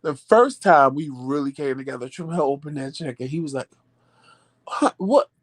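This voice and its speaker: A man hosting a vlog, telling a story in casual chat, animated and sassy, acting out the back-and-forth and calling listeners "child" and "honey". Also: medium pitch, brisk, dry recording. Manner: animated storytelling, acts out quoted exchanges. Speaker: vlog host.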